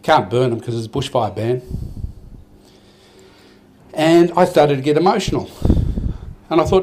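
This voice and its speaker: A man's voice: medium pitch, expressive, normal speed, long pauses, darkish tone. Older man, Australian accent, live awards speech, rambling, heartfelt, faint background noise. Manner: rambling, heartfelt storytelling with many restarts. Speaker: event organiser giving a speech. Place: event hall.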